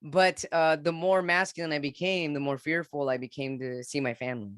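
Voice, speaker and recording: A man's voice: fairly high pitch, steady tone, a bit bright, clear, resonant tone, no echo, clean studio sound. A man in his forties, a podcast guest, telling a personal story earnestly, often stopping and restarting his sentences. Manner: earnest, halting, with frequent restarts and repeats. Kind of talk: candid personal storytelling in an interview.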